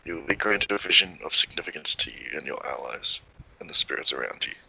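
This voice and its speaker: A man playing a tabletop game, reading his character's move aloud in a flat, matter-of-fact way. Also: rumbling low, quick pace, gravelly, slightly rough, low-quality recording. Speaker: player. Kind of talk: casual game chat.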